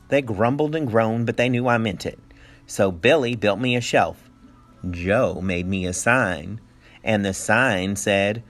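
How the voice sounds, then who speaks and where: A male teacher reading a picture book aloud with animated storytelling and playful asides. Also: fairly low pitch, unhurried.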